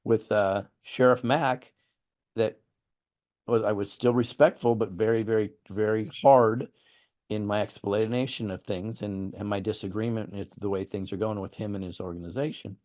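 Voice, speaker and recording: A man's voice: on the low side, steady tone, normal speed, a little mellow. A man hosting an interview, explaining his views earnestly with examples and often repeating words. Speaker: host. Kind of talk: interview conversation.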